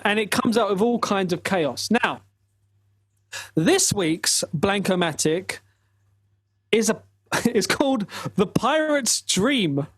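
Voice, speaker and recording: A man hosting a podcast, in a casual, laughing chat that rambles and stumbles over explanations. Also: high-pitched. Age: 30s. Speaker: podcast host.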